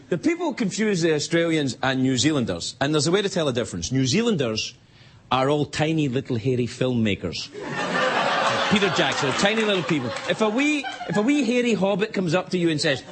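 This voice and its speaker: A man's voice: a little high, sing-song, brisk. A man hosting a late-night show, telling a rambling, self-mocking comedy monologue with many restarts. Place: TV studio stage before a live audience. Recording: loud audience laughter and studio noise. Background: live studio audience laughing.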